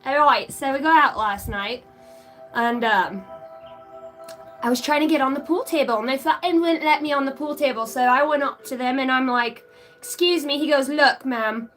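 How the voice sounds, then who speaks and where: Chatty, high-voiced country-accented woman. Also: moderate pace, fairly bright tone, faint music behind. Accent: American country. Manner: chatty, profane, greets chat viewers by name. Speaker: psychic reader and live streamer. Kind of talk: casual live-stream chat.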